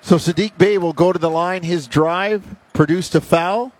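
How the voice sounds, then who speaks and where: A man's voice: sits high, steady tone. A man calling basketball play-by-play in clipped bursts that rise on made shots. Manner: rapid clipped calls, rising on made shots. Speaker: play-by-play announcer.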